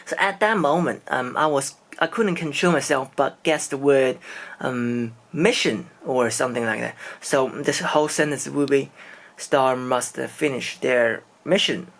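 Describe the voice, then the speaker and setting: A man's voice: medium pitch, moderate pace, creaky, a bit bright. A man from China, speaking English and telling a personal story in a casual vlog, hesitant and searching for words. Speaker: vlogger.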